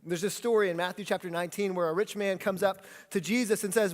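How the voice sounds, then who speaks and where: A pastor delivers a sermon in a lively, animated style, calling on the congregation to speak lines back with him. His voice sits high for a man, and it carries through a hall with long reverb. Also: fast, few pauses. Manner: animated preaching, leads congregation in call-and-response. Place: church sanctuary.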